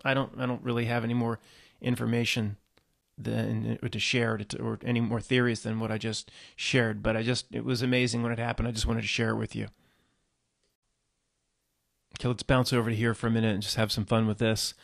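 A man hosting his own channel, talking casually and rambling to viewers, restarting often and jumping from low mutters to loud emphatic bursts. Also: level tone, fast talker, vocal fry. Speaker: YouTube channel host.

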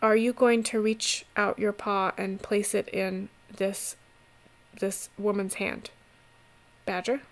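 A woman narrating as game master of a tabletop game, relaxed and rambling with fillers. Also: mid-range voice, takes it slowly.

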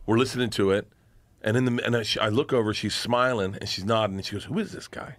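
A middle-aged man with a fairly low voice tells rambling stories in casual chat. He gets excitable, swears freely and keeps laughing through his own anecdotes. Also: fast talker, no room sound. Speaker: podcast guest comedian.

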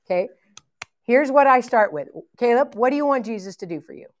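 A woman's voice: a little high, lively intonation, a little fast. A woman leading a live ministry training session, blunt and joking as she teaches. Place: church event hall.

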